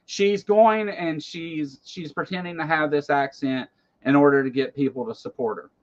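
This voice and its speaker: A man hosting a loose political commentary show, talking in a somewhat high voice. He rambles in an animated way, with plenty of fillers and swearing, and the recording sounds dull and lo-fi. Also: normal speed.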